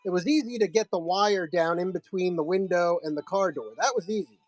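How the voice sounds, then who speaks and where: A man's voice: high-pitched, brisk, no room sound, soft background music, low-quality recording. A man hosting a live comic sale, telling a rambling, profane story in a casual way.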